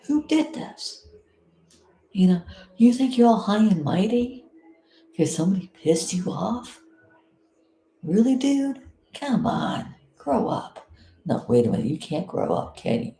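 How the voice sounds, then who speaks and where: A woman's voice: on the low side, gravelly, warm tone, echoey room. A woman from South Florida giving blunt, indignant live commentary as a vlogger, swearing freely.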